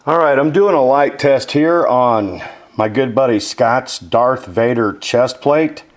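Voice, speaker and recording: A man's voice: medium pitch, slow. A man chatting casually while he explains his model-building work, self-deprecating and explanatory. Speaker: model maker. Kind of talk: casual workshop narration.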